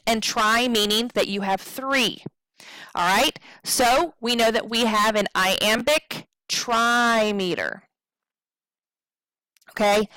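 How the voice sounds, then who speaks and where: Woman teacher, slow patient delivery, crisp dry close sound. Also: fairly high pitch, sharp tone, no room sound, rough recording. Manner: patient, counting syllables aloud and checking in with "right?". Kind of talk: poetry lesson.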